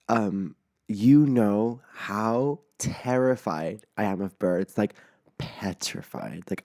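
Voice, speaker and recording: Dramatic, rambling young man. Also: fairly low pitch. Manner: animated, dramatic storytelling with lots of "like" fillers; rambling, self-mocking, swears freely. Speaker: podcast host. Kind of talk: casual solo podcast chat.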